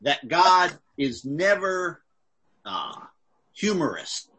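A male preacher with a husky, bright-edged voice delivers a sermon in short bursts, leaving gaps for an interpreter. He acts out the quotes, leaping high in pitch, and his delivery is lively and full of swings. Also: takes it slowly. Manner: animated, acts out quotes with big pitch jumps.

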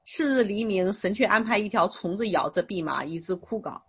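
A woman interpreting a sermon phrase by phrase, steady and rephrasing with small fillers. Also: medium pitch, brisk, breathy edge.

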